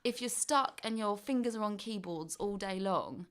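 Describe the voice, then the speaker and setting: A woman's voice: medium pitch, normal speed. A woman presenting a wellbeing slot on the radio, chatty and encouraging, laughing often as she gives tips to listeners. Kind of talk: casual radio chat.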